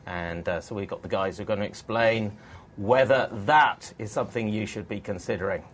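Jokey studio host. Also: male voice, on the low side, normal speed, a little hiss or hum. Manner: jokey, teasing, rambling with restarts. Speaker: webcast host. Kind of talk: hosting a studio tech webcast.

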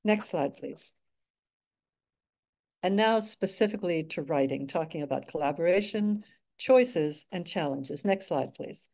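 Older woman lecturing with a mellow voice. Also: on the low side, lively intonation. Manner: measured, dry asides, frequent um and uh. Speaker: guest speaker. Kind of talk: academic lecture with slides.

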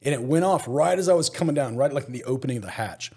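A man, a former special forces soldier, telling a story as a podcast guest in casual, animated talk, acting out other people's lines and laughing often. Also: mid-range voice, quick pace, husky.

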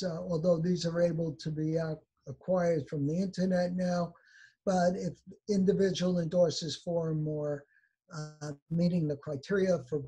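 A man giving an academic presentation over slides, listing research findings in a measured way with frequent fillers. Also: on the high side, level tone, mellow, slightly rough, rough recording. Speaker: lecturer.

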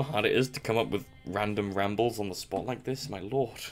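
A young man talks through his gameplay in a deep, low voice, wandering from thought to thought with a self-mocking, chuckling manner. Soft music plays faintly underneath. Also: a little fast. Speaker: gameplay commentator. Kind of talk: casual post-recorded game commentary.

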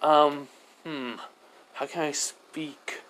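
A man's voice: on the high side, little pitch movement, drawn-out words, fairly bright tone, rough recording. A man voicing a young male ninja reborn as a slime, speaking mildly and casually with hesitant fillers.

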